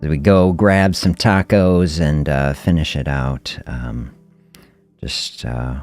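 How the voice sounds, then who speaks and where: Soft music plays faintly beneath an exceptionally deep-voiced, middle-aged man who hosts a fasting health podcast as a livestream. He tells stories casually and slowly, sounding relaxed and reflective, and chuckles often.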